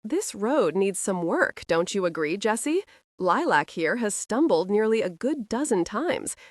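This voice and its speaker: A woman's voice: mid-range voice, very animated, measured pace, dry recording, studio quality. A woman voicing a brash, arrogant young man who teases and needles, read in an audiobook. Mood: teasing. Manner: mocking, needling. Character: brash young male horseman, teasing and arrogant.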